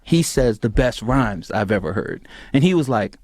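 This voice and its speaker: Animated man telling a story. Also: mid-range voice, moderate pace, dry recording, clean studio sound. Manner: animated, acts out quoted voices. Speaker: clip storyteller. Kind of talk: recounting an anecdote.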